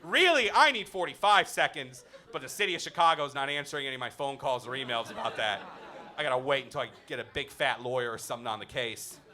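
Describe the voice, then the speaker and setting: A man's voice: mid-range voice, fast talker, pushed and bright. A man doing a stand-up comedy set in a comedy club, talking with the crowd and acting mock-indignant. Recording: live club audience laughter.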